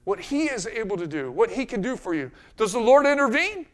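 A man pastor preaching a sermon, asking the congregation rhetorical questions and swinging between hushed and loud passages. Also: high voice, very animated, fairly quick.

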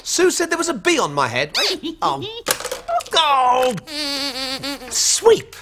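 A man presenting a children's puppet show, lively and playfully exasperated, often laughing as he scolds the puppets. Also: very high-pitched, takes it slowly, heavy background noise. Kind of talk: lively scripted banter with puppets.

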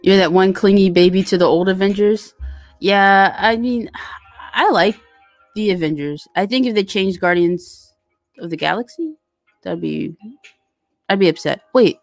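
A woman's voice: medium pitch, unhurried, pauses often, dry recording, soft background music. A woman hosting a casual live stream, chatting and rambling with lots of fillers as she reads out viewer comments. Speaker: livestream host reading viewer chat.

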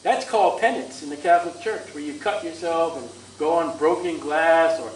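A man preaching a sermon in a combative, sarcastic way, his delivery swinging from loud to soft. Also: a little high, normal speed, slight background noise. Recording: echoey room from far off.

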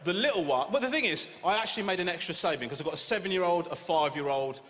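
Man, English accent, 40s, stand-up comedian, sardonic, exasperated, shouty bursts, long hall reverb. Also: sits high, expressive, fast. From England. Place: large venue with a live audience. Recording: live hall reverb with loud audience noise.

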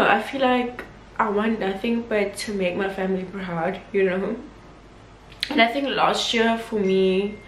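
A young woman, chatting casually and emotionally in a home vlog. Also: mid-range voice. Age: 20s. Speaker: vlogger. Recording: roomy with faint background noise.

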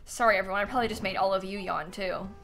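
Rapid-fire and a bit bright, this young woman's medium-pitched voice carries her casual gaming stream chat. She thinks aloud while playing. Yawning and sleepy, she thanks the people watching.

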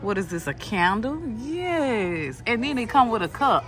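Filming herself as she shops in a discount clothing store, this vlogger chats casually with her viewers, whom she calls "y'all." Her fairly high, slightly bright voice swings widely in pitch at a measured pace, with soft music playing behind her.

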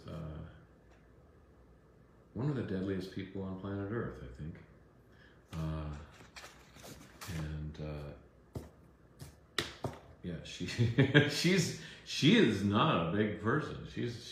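A middle-aged American man chatting casually while signing autographs, relaxed and rambling with many fillers. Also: low voice. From United States. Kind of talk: casual chat during a live autograph stream. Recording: very echoey room, faint background hum.

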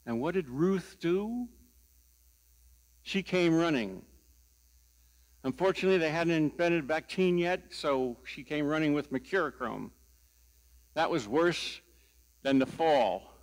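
An older man preaching a sermon as pastor, telling stories slowly and deliberately with a wry sense of humor. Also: on the high side, expressive.

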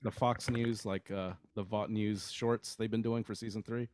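A male podcast co-host with a somewhat low voice talks through comic news in easy, casual chat. He keeps it loose, tossing in dry jokes between points. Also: flat delivery, normal speed, a little mellow. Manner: joking, laid-back banter.

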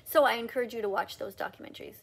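A woman's voice: racing, creaky, slightly rough. A woman giving an emphatic, preachy ranting monologue to camera as a video creator. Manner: emphatic and preachy, with sudden mocking pitch jumps.

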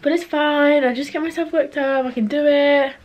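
A woman's voice: sits high, fairly even intonation, moderate pace, a little mellow, muffled recording. A young woman with a British accent, chatting casually in a rambling vlog and saying "like" a lot. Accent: British English. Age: young adult. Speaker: university student vlogger.

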